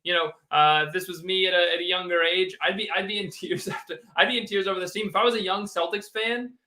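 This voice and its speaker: A man's voice: high voice, fairly even intonation, fast, sharp tone, slight background noise. A man hosting a postgame sports livestream, reading viewers' chat and ranting in an exasperated, sarcastic way. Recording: roomy echo.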